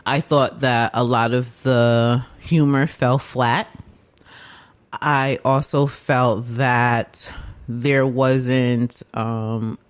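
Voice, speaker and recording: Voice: medium pitch, fairly even intonation, drawn-out words, clean tone. A podcast host leading a casual film discussion, chatty and agreeable.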